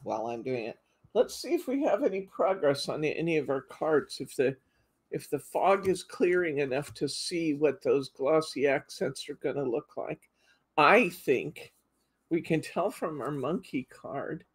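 A woman's voice: low voice, expressive, measured pace, slightly rough. A middle-aged woman hosting a live craft demo, chatting casually and reading out viewer comments. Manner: chatty, reads out viewer comments, frequent laughs. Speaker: craft show host.

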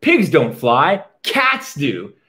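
A man's voice: a little high, huge pitch swings, extremely slow, bright, forceful tone, heavily acted. A man voicing a shy young tomcat, glum and defensive. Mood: plaintive. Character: shy young male cat who can't fly.

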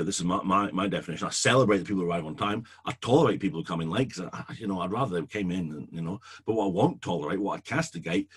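Animated, husky-voiced male pastor preaching. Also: sits low. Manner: emphatic, repetitive, animated preaching. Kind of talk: teaching sermon.

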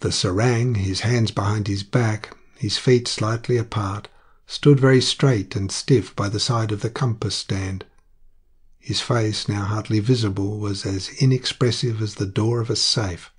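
A man narrating an audiobook in a measured, even manner. His voice is low and husky.

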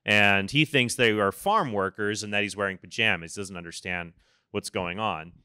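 A man in his thirties giving a conference talk, telling lively stories and acting out the voices he quotes. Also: fairly low pitch, normal speed, clean tone, no echo, studio quality. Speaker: conference speaker.

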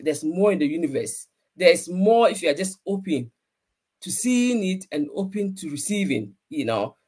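A woman who works as a social worker, speaking in a casual group chat, reflective and pausing to search for words. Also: mid-range voice, darkish tone, breathy edge. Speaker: social worker and business mentee. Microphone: video call.

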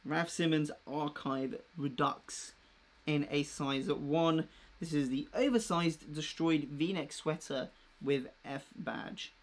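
A young man chatting casually and rambling with slang while unboxing a new clothing order on a live vlog. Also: mid-range voice. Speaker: fashion vlogger.

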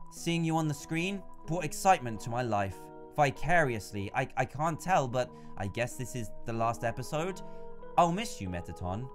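A man reading the part of a shy, lonely monster fan, speaking softly and hesitantly. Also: medium pitch, voice pushed down, natural voice.

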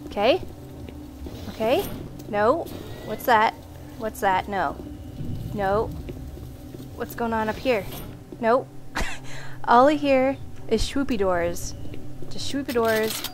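A woman's voice: fairly high pitch, unhurried, long pauses, background noise. A woman commenting on a horror game as she plays, jumpy and often screaming at monsters. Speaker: gaming video host. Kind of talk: let's play commentary.

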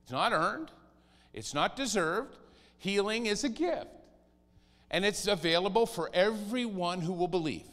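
A high, bright-voiced man preaches with lively swings in pitch, acting out whiny pleas along the way. His voice rings through a church hall with a long reverb tail. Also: measured pace. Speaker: pastor. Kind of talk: sermon.

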